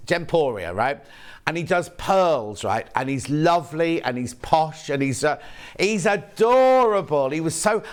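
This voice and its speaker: A man presenting on a live shopping channel from a TV studio, chatting rambly to viewers and correcting himself as he goes. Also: a little high. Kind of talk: live sales presenting, reading viewer messages.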